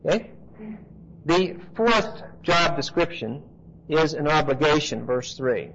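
A man's voice: on the high side, lively intonation, slow pace, fairly bright tone. A man teaching the Bible to a class in a conversational, emphatic way, often checking in with his listeners. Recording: dull lo-fi recording with faint hiss.

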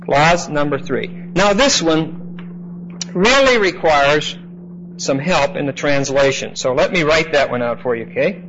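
A man preaches a teaching sermon, explaining verse by verse emphatically and often checking in with "okay?". His voice is on the high side, expressive, unhurried and a bit bright. The lo-fi recording sounds dull, with faint background noise.

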